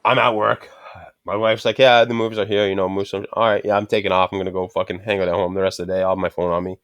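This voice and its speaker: Low-voiced man ranting profanely. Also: fast talker, no echo. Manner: swears constantly, ranting and animated. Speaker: podcast host. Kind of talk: profane casual storytelling.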